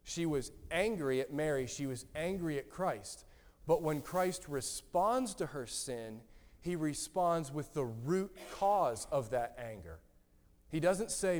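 A man preaching a sermon in an earnest, gently emphatic way, often repeating his words. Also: a little high, animated, unhurried. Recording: long hall reverb.

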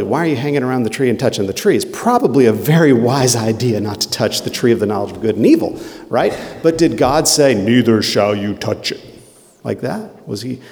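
Gravelly man preaching in a hall. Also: medium pitch, a little mellow. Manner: conversational preaching, quick asides and emphatic rhetorical questions. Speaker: pastor. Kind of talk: sermon. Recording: long hall reverb.

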